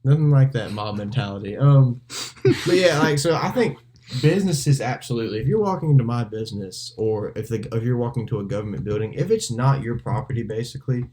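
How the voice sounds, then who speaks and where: A man's voice: medium pitch, animated, brisk, dark tone, a little hiss or hum. A man co-hosting a casual podcast chat, rambling and correcting himself as he steers the talk back on topic. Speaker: podcast co-host.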